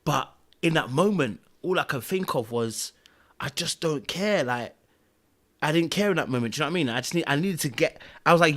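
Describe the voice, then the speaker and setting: A young man chatting casually on a podcast, telling a story with lively acted-out quotes and filler like "da, da, da". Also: on the high side, a little fast. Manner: animated storytelling, acts out quotes, fills with "da, da, da".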